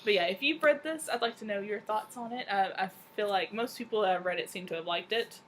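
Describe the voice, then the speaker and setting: A woman's voice: medium pitch, fast, slight background noise. A woman co-hosting a knitting and books podcast, chatting casually about what she is reading. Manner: chatty, reads a synopsis aloud with stumbles. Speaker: podcast co-host. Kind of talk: casual book chat.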